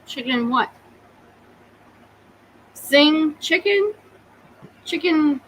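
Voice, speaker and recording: A woman's voice: sits high, expressive, very slow, low-quality recording. A woman from Oklahoma co-hosting a casual live podcast, teasing and laughing often. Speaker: podcast co-host.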